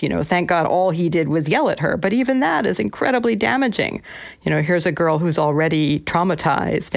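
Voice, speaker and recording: A former police officer recalls patrol calls in an interview, talking reflectively with frequent restarts. The voice has a gravelly edge and sits mid-range. The sound is dry and close. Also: mid-range voice, dry recording. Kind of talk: interview storytelling.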